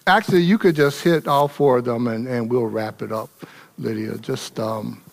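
A man's voice: mid-range voice, moderate pace, vocal fry. A male pastor preaching a casual, folksy sermon, acting out dialogue with rising intensity.

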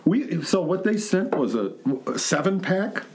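A man's voice: sits high, big pitch swings, a little slow, darkish tone. Jokey, laughing male podcast host. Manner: jokey, laughs often, teasing. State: mouth burning from hot sauce. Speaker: podcast co-host tasting hot sauces. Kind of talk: casual chat.

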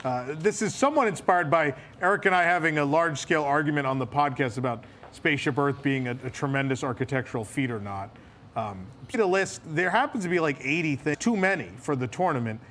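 A male podcast co-host talks in a casual, animated way and laughs often. His voice sits high and swings widely in pitch, with faint ambient noise behind it. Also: fast. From New York area. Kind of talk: casual chat.

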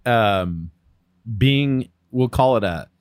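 A man's voice: mid-range voice, animated, extremely slow, clean tone, dry recording, clean studio sound. A man hosting a podcast, easygoing, laughing along and asking questions in casual chat. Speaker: podcast host.

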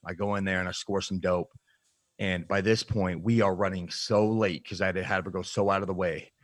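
A man, a podcast guest, frankly telling his life story in a reflective, halting way with plenty of fillers. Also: deep voice, steady tone, no echo. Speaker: podcast guest, nutrition coach. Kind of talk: candid personal storytelling in an interview.

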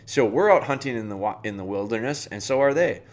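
A man's voice: mid-range voice, animated, brisk. A man hosting a dog training podcast, giving casual, plainspoken advice and talking the listener through everyday scenarios.

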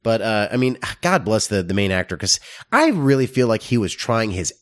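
A man's voice: fairly low pitch, moderate pace. A man co-hosting a podcast about movies, talking in a rambling, casual way with lots of fillers. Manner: rambling, filler-heavy, lively. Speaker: podcast co-host. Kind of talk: casual chat.

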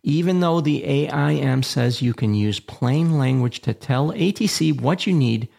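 Man, instructional narration, measured and plain, dry humor, mid-range pitch, gravelly texture. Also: expressive, a little mellow. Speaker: aviation radio communication instructor, podcast host. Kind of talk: scripted educational narration.

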